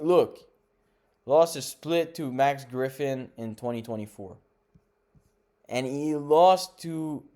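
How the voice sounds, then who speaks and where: A man's voice: mid-range voice, dark tone, clear, resonant tone. A young man hosting a casual fight recap, rambling, correcting himself and giving blunt opinions. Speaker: MMA podcast host.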